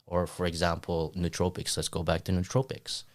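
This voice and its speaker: A man with a fairly low voice co-hosts a podcast in relaxed, casual chat. He stumbles, restarts his sentences, and drops casual swears as he works through his ideas. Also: normal speed. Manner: laughs often while talking. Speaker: podcast co-host.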